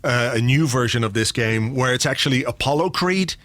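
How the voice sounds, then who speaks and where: A man's voice: medium pitch, lively intonation, a little fast, fairly bright tone, no echo. A man, hosting a casual podcast chat and joking around playfully. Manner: playful, jokey, puts on silly voices. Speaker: podcast host.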